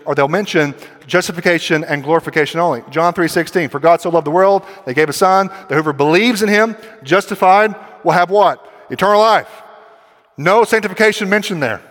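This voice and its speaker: A man preaching a sermon as a pastor, emphatic and full of rhetorical questions, rising to loud stretches. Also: a little high, normal speed. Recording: long hall reverb.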